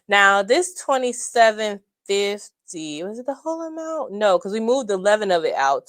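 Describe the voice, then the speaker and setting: A woman chatting casually through her budget, animated and addressing viewers as y'all, on a clip-on mic. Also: medium pitch, dry recording. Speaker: budgeting vlogger.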